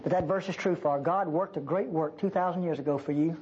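A woman's voice: low voice, a little fast, darkish tone, lo-fi sound, slight background noise. A woman preacher giving an emphatic, folksy sermon in a church.

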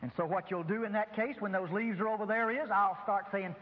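A man's voice: high voice, fairly even intonation, brisk, hardly any pauses, long reverb tail, dull audio, slight background noise. A man preaching a sermon to a congregation, emphatic and dramatic, acting out dialogues. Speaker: pastor. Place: large room before a congregation.

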